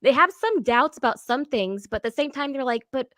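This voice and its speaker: A woman's voice: high voice, lively intonation, fairly quick, a bit bright, dry recording, studio quality. A woman co-hosting a casual chat, rambling with many fillers and acting out quotes. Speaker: co-host.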